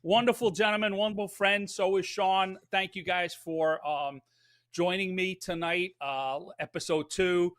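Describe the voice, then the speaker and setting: A man's voice: sits high, fairly even intonation, unhurried, a bit bright. A man hosting a casual podcast, upbeat and chatty with plenty of fillers. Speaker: podcast host.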